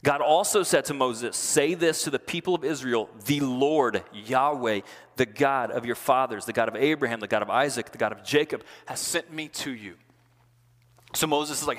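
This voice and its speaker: A man preaching a sermon as pastor, chatty and casual, slowing down and dropping his voice to stress key words. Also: a bit bright. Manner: conversational preaching, slows and drops low for emphasis. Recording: long hall reverb.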